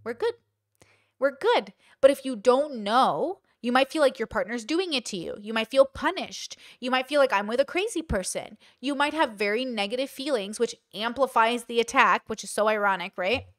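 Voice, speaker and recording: Woman host rambling through a personal story, fairly high voice, dry close sound, acts out the quotes. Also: a little fast, few pauses, no echo. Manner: candid, animated storytelling with acted-out quotes. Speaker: commentary channel host. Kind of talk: casual commentary monologue.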